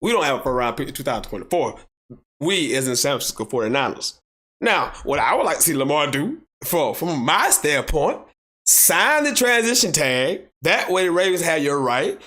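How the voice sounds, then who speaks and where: A man's voice: a little high, normal speed. A man with a Southern American accent hosting a solo sports podcast, arguing his points with heavy repetition and reading viewer comments aloud. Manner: animated, repeats points for emphasis, rising to near shouts; reads viewer comments aloud and argues back. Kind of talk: solo sports talk show.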